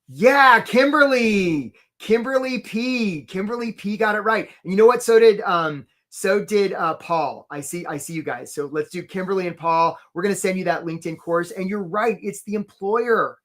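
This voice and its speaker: A man leads a live online career workshop and speaks in a fairly high, bright-sounding voice. He is animated and chatty, calls out attendees by name, and slips into quick playful voices to act out his points. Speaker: career coach hosting a live webinar. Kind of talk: energetic webinar presentation.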